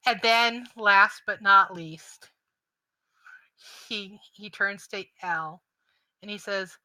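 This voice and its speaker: A woman narrating a tabletop game as game master, halting, with restarts and sentences that trail off quietly. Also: mid-range voice, steady tone, dry recording, rough recording.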